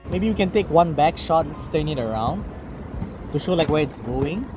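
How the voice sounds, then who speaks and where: A man's voice: a little high, animated, normal speed, music in the background. A man vlogging casually outdoors, thinking aloud with laid-back slang as he sets up photos. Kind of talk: casual narration while shooting photos.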